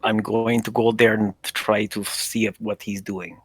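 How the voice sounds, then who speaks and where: A man's voice: fairly low pitch, little pitch movement, unhurried, slightly rough, no echo. A man playing a character in a tabletop role-playing game, talking casually and earnestly. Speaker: player.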